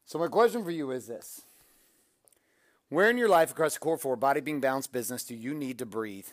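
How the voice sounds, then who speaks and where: A man's voice: medium pitch, animated, a little fast, no echo, clean studio sound. A man hosting a motivational talk, coaching listeners through breathing and counting out drills with energy. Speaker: motivational podcast host.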